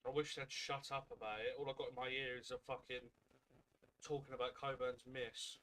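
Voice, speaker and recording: A man's voice: mid-range voice, flat delivery, fairly quick, a bit bright, a little hiss or hum. A young man giving angry, expletive-filled play-by-play commentary while watching a football match live. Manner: swears constantly, seething play-by-play. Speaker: football fan streamer.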